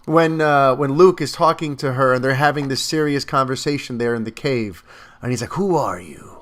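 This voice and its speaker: Animated man reviewing a film. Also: medium pitch, brisk. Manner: animated, lots of fillers and restarts. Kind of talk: casual spoken movie review.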